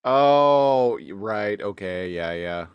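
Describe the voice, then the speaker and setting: A man's voice: fairly low pitch, lively intonation, slow, clear, resonant tone, dry recording, lo-fi sound. A man co-hosting a casual podcast, talking loosely with stammered restarts and laughing along. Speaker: podcast co-host.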